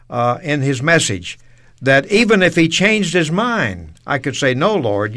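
A man's voice: medium pitch, fairly bright tone. A man co-hosting a radio talk about a sermon, his voice in a middle register. He speaks earnestly and steadily, affirming each point. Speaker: radio program co-host. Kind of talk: discussion of a sermon.

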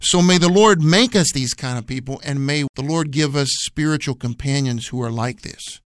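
Man, fairly high voice, radio Bible teacher, emphatic, repetitive, dry close sound. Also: normal speed, clear, resonant tone, no echo. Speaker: radio Bible program co-host. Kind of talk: earnest teaching conversation.

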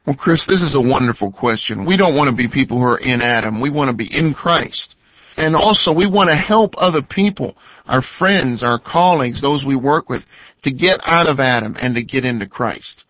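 A man's voice: mid-range voice, expressive, normal speed, a bit bright, no room sound. Earnest man explaining with a dull lo-fi sound. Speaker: radio program co-host. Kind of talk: scripted teaching talk.

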